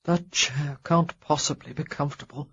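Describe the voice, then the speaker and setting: A woman narrating an audiobook, voicing an injured young gentleman lying in bed, speaking in a quiet, halting way. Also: deep voice, fairly even intonation, breathy edge, dull audio, heavily acted. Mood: tender.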